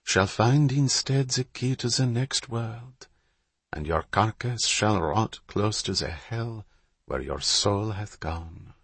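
A man voicing a woman on a boat who speaks in a low murmur. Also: lively intonation, takes it slowly, fairly bright tone, husky, no room sound, heavily acted. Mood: grave.

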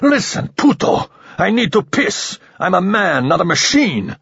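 A desperate, worn-out captive man, as a male storyteller puts him on strains his rasping voice high into panicked shouts. The sound is a little muffled and lo-fi, and the voice has a husky edge. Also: big pitch swings, moderate pace, no echo, full character voice. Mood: desperate, shouting. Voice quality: rasping dry throat. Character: desperate captive adult man, exhausted and furious.

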